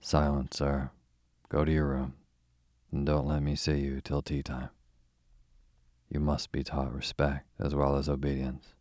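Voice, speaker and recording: A man's voice: extremely low pitch, completely flat delivery, a little slow, darkish tone, no echo, studio quality. A man reading as a stern strict father. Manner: stern, scolding.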